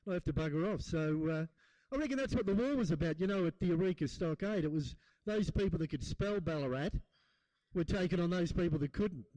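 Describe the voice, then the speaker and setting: Aussie bloke doing stand-up, kinda high voice, rambly banter. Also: male voice, brisk, dark tone, dry recording, poor audio. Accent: Australian. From Australia. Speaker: stand-up comedian. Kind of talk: stand-up comedy set. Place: comedy gig in a hall.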